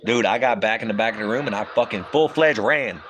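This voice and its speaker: A man's voice: fairly low pitch, brisk, a bit bright. A man in his thirties telling childhood stories casually on a livestream, swearing freely and laughing often between lines. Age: 30s. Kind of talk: casual storytelling.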